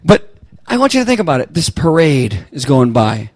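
Impassioned storytelling preacher, dry sound. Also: male voice, a little high, sing-song, moderate pace, no room sound. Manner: storytelling preacher, swings from quiet to impassioned near-shouting. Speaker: pastor. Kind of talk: sermon.

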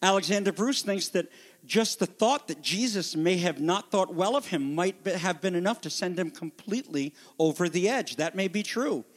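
A male pastor preaching a sermon in an animated way, briefly acting out the voices of people in the story. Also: high-pitched, normal speed, in a large hall.

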